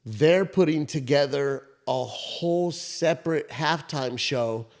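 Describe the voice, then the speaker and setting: A man's voice: on the high side, slow. A man co-hosting a podcast, telling a funny story in loose, profane casual chat and laughing as he goes. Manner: animated, profane storyteller who laughs at his own anecdote. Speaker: podcast co-host.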